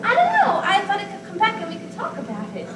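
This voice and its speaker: A woman on a school stage playing a fragile, childlike grown daughter who pleads emotionally with a voice that keeps breaking, taken from a distant, echoey stage recording with clear hiss. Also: very high voice, huge pitch swings, fast talker, full character voice. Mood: timid. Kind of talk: amateur stage acting.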